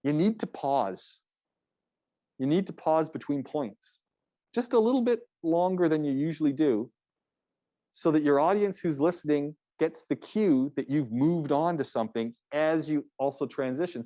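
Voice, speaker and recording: A man's voice: on the high side, warm tone, dry recording. A man teaching a public speaking class, giving feedback in a loose, conversational way with frequent restarts. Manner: conversational, restarts often, coaching tone.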